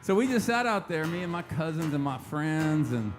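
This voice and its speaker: Man, playful live emcee, slightly high voice, guitar behind him, church hall stage mic. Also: sing-song, moderate pace. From Lawton, Oklahoma. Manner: joking, playful, chatty, coaxing the crowd. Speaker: emcee at a memorial service. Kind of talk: live stage banter to an audience. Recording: live guitar music underneath.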